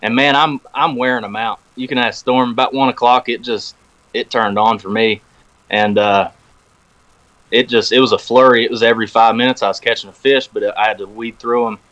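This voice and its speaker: This podcast guest, speaking in a recording room, has a medium-pitched voice and a fairly quick delivery. He's an animated storyteller, casually telling a long tale and performing the phone conversations he quotes, though the recording is low quality.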